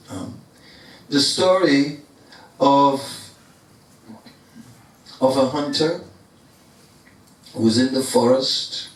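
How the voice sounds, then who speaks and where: A man, a spiritual teacher, telling a story in a sermon, slow and deliberate, in an echoey hall from far off. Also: mid-range voice.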